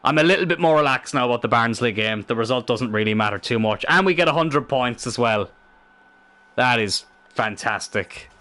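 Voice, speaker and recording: A young man commentating his own football game in casual let's-play style, excitable and thinking aloud, swearing freely. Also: mid-range voice, normal speed.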